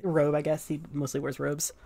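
A woman's voice: low voice, flat delivery, moderate pace, vocal fry, mellow. A woman playing a tabletop game, narrating her character in a casual, joking way. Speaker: player.

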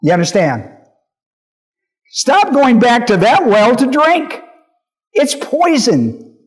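A man's voice: very high-pitched, wildly swooping pitch, takes it slowly, breathy edge. A male pastor teaching a Bible lesson, emphatic, repeating key phrases and often asking whether listeners understand.

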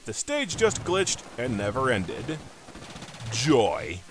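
Uomo sarcastico che recensisce un videogioco. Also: male voice, on the high side, sing-song, fairly quick, fairly bright tone, a little hiss or hum. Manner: sarcastic and profane, with exasperated outbursts. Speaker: game reviewer. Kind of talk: scripted review narration.

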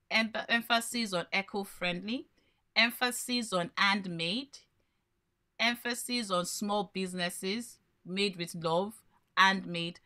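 A woman's voice: medium pitch, pushed and bright. A woman coaching small business owners in a live workshop, explaining by posing questions and then answering them. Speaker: branding coach.

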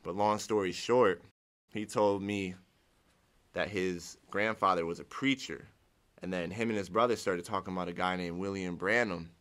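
Young man, from Ohio, low pitch, casual storytelling, rambling, acts out his own old words. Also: normal speed, a bit bright. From Ohio, United States. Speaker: guest sharing his testimony.

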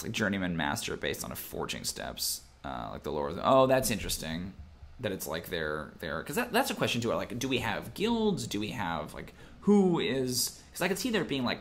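A young game master from Minnesota, USA, runs a casual stream about game design, musing aloud over viewer comments with frequent fillers and false starts. His pitch is on the low side, creaky and a bit bright.

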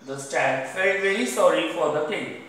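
A man's voice: on the high side, expressive, moderate pace, fairly bright tone, slight background noise. A man with an Indian English accent, teaching a class by reading a story aloud, stopping to tell students which words to underline and what they mean. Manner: repeats "underline the word" between sentences. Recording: echoey room, voice far from mic.

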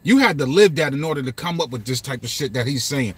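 A man's voice: medium pitch, lively intonation, fast talker, breathy edge. A man in casual commentary, breaking down song lyrics in a loose, repetitive way with some swearing. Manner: loose and repetitive, swearing, quoting lines aloud.

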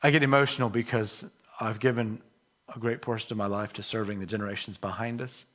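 A middle-aged man preaching a sermon in an earnest, emotional way, moving between soft and emphatic delivery. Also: fairly low pitch, steady tone, fairly quick. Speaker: pastor.

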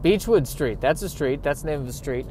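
A man's voice: fairly high pitch, animated, brisk, darkish tone, slight background noise. A man hosting a podcast, talking casually to himself while driving, rambling and joking at his own expense. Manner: self-deprecating, joking, rambling. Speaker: podcast host. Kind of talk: casual monologue.

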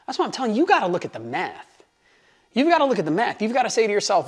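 A man's voice: high voice, huge pitch swings, very fast. An American man, a real estate coach, giving an emphatic motivational monologue that repeats its key points.

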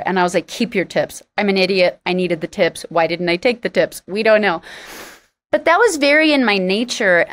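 Woman, interview guest, animated storytelling, sarcastic, candid. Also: normal speed. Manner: animated, acts out quoted dialogue with big pitch jumps. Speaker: interview guest, singer-songwriter.

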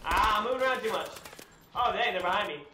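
Young guy yelling over his shooter game, high voice, echoey room, lots of noise. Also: fast. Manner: excitable, loud outbursts, laughing. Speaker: gaming streamer. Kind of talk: live gameplay commentary.

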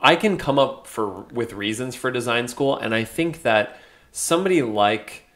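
A young man in casual podcast chat, mid-pitched and easygoing. He rambles a little, circling back with fillers and restarts as he thinks aloud. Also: expressive, moderate pace, fairly bright tone. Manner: chatty, hesitant with many fillers and restarts. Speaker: podcast co-host.

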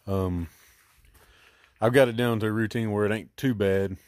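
Outdoors beside his boat, a middle-aged DIY channel host walks through a do-it-yourself job, rambling casually and thinking aloud with plenty of ums, uhs and restarts as he explains his plan. His somewhat low voice is a little mellow, with a steady tone, moderate pace and no room sound.

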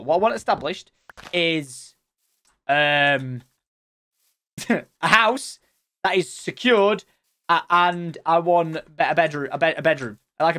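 Chatty gamer man, lively pitch. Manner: chatty, talks straight to viewers, playful teasing. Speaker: let's play gamer. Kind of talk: casual gameplay commentary.

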